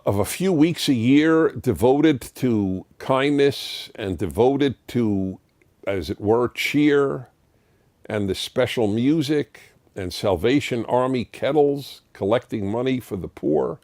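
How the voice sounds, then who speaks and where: A man's voice: mid-range voice, expressive, slow, a little mellow, no room sound. A middle-aged man giving emphatic, indignant opinion commentary as a radio host, full of rhetorical questions.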